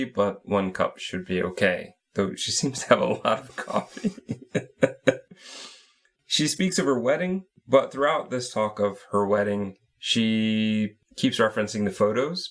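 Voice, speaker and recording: A man's voice: lowish voice, moderate pace, fairly bright tone. A man co-hosting a podcast, casually walking through a story game point by point and laughing along. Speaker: podcast co-host.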